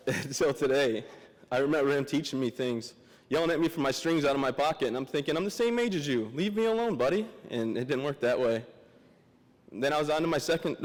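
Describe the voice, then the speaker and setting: A young man giving a memorial speech as a guest speaker, joking and self-deprecating, halting and emotional, close to tears. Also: mid-range voice. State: emotional, teary. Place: large memorial hall. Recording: long hall reverb.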